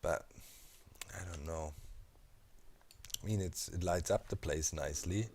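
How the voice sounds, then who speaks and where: A man's voice: deep voice, unhurried, darkish tone, a little hiss or hum. A man casually commenting while he builds in a video game, thinking aloud with many fillers and asides. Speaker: Minecraft let's player.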